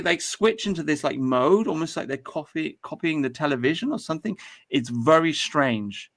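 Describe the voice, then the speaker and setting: A man's voice: a little high, fairly quick, fairly bright tone. Rambling, swearing man host. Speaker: podcast host. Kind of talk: casual chat.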